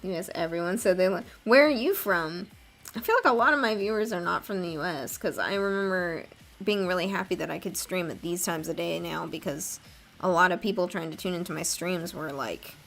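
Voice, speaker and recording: Young woman, low-pitched, vocal fry, casual livestream chat, rambling. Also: fairly quick, a bit bright, soft background music. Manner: rambling, self-deprecating, chatting with viewers. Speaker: streamer drawing live.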